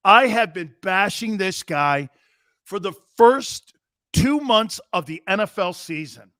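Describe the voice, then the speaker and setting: Middle-aged male sports host, brash and opinionated, higher-pitched voice with lively swings, dry close sound. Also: no echo. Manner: brash and animated, quick to laugh. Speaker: sports talk show host. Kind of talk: opinionated sports talk radio.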